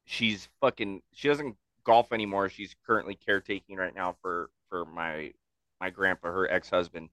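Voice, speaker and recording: A man hosting a casual podcast, telling stories in an animated, heavily profane way. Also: deep voice, moderate pace, no room sound. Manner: animated, swears constantly, excitable storytelling. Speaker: podcast host.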